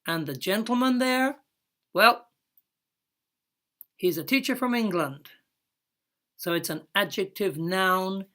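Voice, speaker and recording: A woman's voice: mid-range voice, lively intonation, a bit bright. A woman giving a recorded English lesson, explaining step by step and stretching out her example phrases. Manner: slow, careful explaining with drawn-out example words. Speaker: English teacher.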